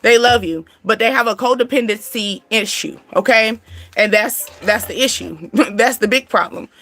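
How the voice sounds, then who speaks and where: A woman's voice: mid-range voice, sharp tone. A woman giving a casual spiritual reading to her viewers, chatty and slangy, laughing often and talking straight to them. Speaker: spiritual reader and channel host.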